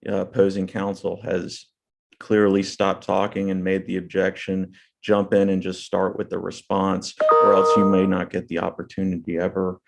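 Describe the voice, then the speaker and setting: A man on a judging panel gives halting feedback full of fillers. His voice is very deep and gravelly, with a flat tone. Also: a little hiss or hum. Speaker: judge on a mock trial panel.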